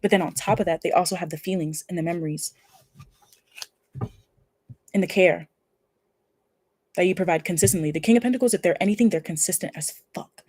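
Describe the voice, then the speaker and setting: A woman's voice: on the low side, a little fast, pauses often, darkish tone, no room sound. A woman giving a casual pick-a-card tarot reading, effusive and emphatic, with casual swearing. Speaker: tarot reader.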